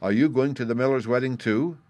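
A man's voice: mid-range voice, brisk, a little mellow, no room sound, voice pushed up, natural voice. A man voicing a cheeky young boy in a storybook reading, insistent and blunt. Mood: urgent, blunt. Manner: insistent warning, raised voice.

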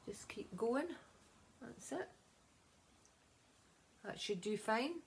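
A Scottish woman talks through her routine in a relaxed home vlog. She rambles cheerfully, full of ums and little asides. Her voice is picked up by a camera set nearby in her home. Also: a little high, drawn-out words, gravelly, slight background noise. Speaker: vlogger. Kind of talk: casual beauty vlog.

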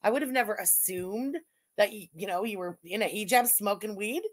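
A woman's voice: mid-range voice, normal speed. A woman from Canada hosting a livestream, talking in a sarcastic, profane way and laughing often. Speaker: streamer host. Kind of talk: casual livestream commentary.

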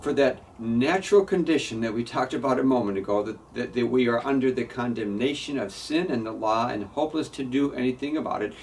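A man's voice: mid-range voice, a little fast, few pauses, recorded from a distance, a little hiss or hum. A man preaching a sermon as pastor in a church, earnest and emphatic, often repeating words as he builds a point.

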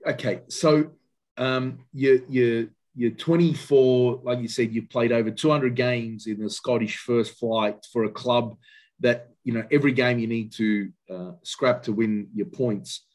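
A man's voice: mid-range voice, fairly even intonation, measured pace, darkish tone. A man hosting an interview, asking questions with many restarts and fillers. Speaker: interviewer, host. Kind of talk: casual interview.

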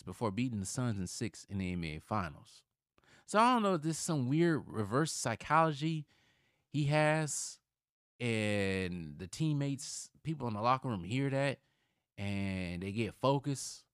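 Medium in pitch, this is a sports-channel host from Milwaukee, a man in his thirties giving opinionated commentary. He's heated and gets loud and emphatic as he rants, captured in a dry, studio-quality recording.

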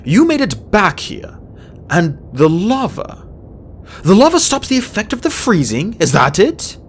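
Girl doing a shy thoughtful boy dragon, slow and careful. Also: mid-range voice, sing-song, a little hiss or hum, voice pushed up. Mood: hesitant. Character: young male dragon, thoughtful, hesitant.

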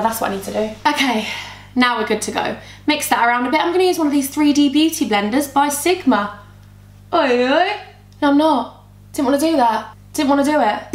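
Young woman vlogger, high and bubbly, chats to herself through a makeup tutorial in an echoey room. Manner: bubbly, rambling, talks to herself and her camera. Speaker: beauty vlogger. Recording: roomy echo.

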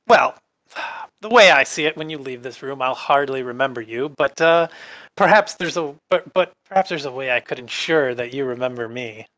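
A man's voice: medium pitch, normal speed, pushed and bright, no room sound, natural voice. A man voicing a sneering, bored spectre in a tabletop role-play, drawling and contemptuous. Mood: menacing.

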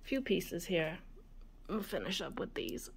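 A woman hosting a vintage jewelry video, musing aloud in a soft, relaxed voice and sometimes dropping to a whisper. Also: fairly low pitch, creaky, very noisy. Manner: slow, soft-spoken, musing aloud, often drops to a whisper. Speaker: vintage jewelry channel host. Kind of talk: casual show-and-tell of jewelry.

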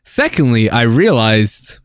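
A young man giving live commentary on a game, excitable and yelping often. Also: medium pitch, slow, no room sound. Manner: excitable, yelps and laughs often. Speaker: streamer.

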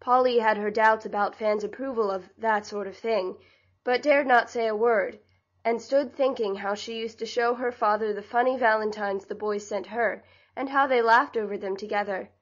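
A woman narrating a classic novel as an audiobook in a measured, even reading style. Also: a little high. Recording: slightly dull lo-fi audio.

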